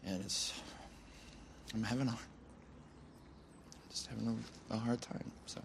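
An actor playing a lost young man who has lost his job, talking in a halting, hesitant way, outdoors by a lake. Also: lowish voice, fairly even intonation, creaky, slight background noise. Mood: upset. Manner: halting, hesitant, full of restarts. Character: lost young man, jobless, wry and tearful. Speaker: film character. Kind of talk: naturalistic film acting.

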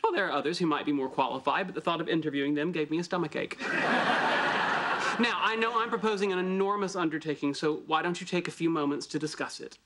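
A man's voice: fairly high pitch, fast talker, slight background noise, natural voice. A man playing Sheldon, a pedantic, fussy physicist. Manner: precise, lecturing, oblivious. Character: pedantic, fussy, self-absorbed young male physicist. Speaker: theoretical physicist character. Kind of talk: sitcom acting. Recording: sitcom with loud audience laughter.

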